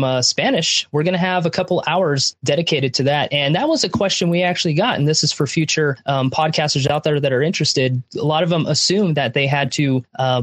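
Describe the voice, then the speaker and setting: Male podcast co-host, slightly raised pitch, chatty with frequent restarts, dry close mic. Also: fairly bright tone, no room sound. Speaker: podcast event organizer. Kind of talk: casual podcast chat.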